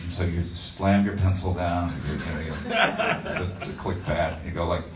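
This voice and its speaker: Deep-voiced man preaching in a roomy hall. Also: fairly even intonation, normal speed, a crowd in the background. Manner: anecdotal, self-deprecating, many fillers. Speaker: pastor. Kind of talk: conversational sermon. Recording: roomy, distant, dull sound.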